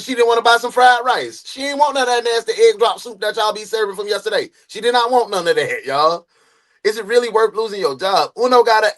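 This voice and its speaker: A man hosts a live true crime reaction stream from a home setup, reading chat aloud and tossing in loud, animated asides. His voice sits high and swings widely in pitch. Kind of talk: casual live stream commentary.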